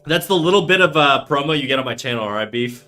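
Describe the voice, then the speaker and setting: Soft music plays behind a thirties art streamer whose medium-pitched voice is bright, forceful and animated at a quick pace. He draws on his livestream, reading chat aloud and chatting casually with plenty of profanity.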